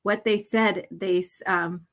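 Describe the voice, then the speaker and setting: A woman voicing a brainwashed young man, tormented and weeping, in a halting, broken delivery. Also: mid-range voice, fairly even intonation, natural voice. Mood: remorseful.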